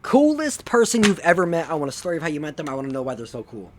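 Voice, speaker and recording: A man's voice: on the high side, sing-song, racing, slight background noise. A young man playing a mock-formal talk-show interviewer who is overly polite and keeps calling his guest sir. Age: young adult.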